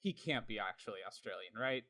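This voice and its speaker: A man co-hosting a podcast in casual chat, talkative and quick to laugh, with plenty of fillers. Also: fairly low pitch, expressive, sharp tone. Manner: chatty, laughs often, lots of fillers. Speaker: podcast co-host.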